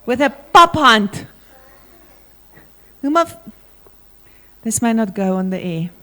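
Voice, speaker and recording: South african lady teacher running assembly, high voice, bossy but playful, loud. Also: slow. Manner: energetic, commanding, playful, calls out to pupils. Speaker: teacher leading a school assembly. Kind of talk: school assembly address. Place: school assembly hall.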